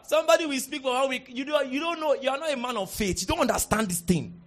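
A man with a Nigerian accent preaching a sermon, moving from soft asides to shouted declarations. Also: very high-pitched, fast.

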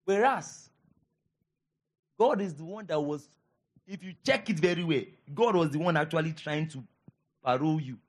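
A man with a Nigerian accent preaching a sermon as pastor, animated, repeating his lines for emphasis and calling out to the congregation. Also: on the high side, normal speed, pauses often.

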